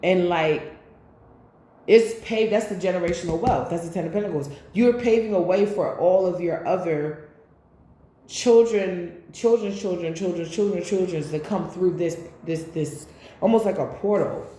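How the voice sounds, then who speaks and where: Female tarot reader, casual and preachy, mellow tone, roomy echo. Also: on the low side, normal speed. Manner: rambling, animated, preachy asides. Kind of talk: casual spiritual tarot reading.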